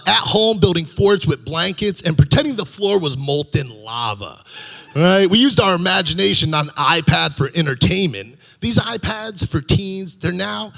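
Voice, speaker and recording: High, gravelly middle-aged comic on stage. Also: male voice, sharp tone. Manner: chuckles at his own punchlines, loose and rambling delivery. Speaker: stand-up comedian. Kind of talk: stand-up comedy set.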